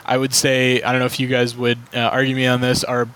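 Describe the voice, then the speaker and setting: A man of middle pitch hosts a loose, casual conversation over a video call. He rambles, circles back, and restarts his sentences often, padding them with fillers. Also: monotone, brisk, a bit bright, clear, resonant tone. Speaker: podcast host. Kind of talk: casual chat.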